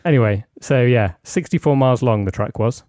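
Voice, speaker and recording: A man's voice: mid-range voice, brisk, dark tone, no room sound, studio quality. A man co-hosting a casual podcast, recounting history with hesitant, filler-heavy storytelling. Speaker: podcast co-host.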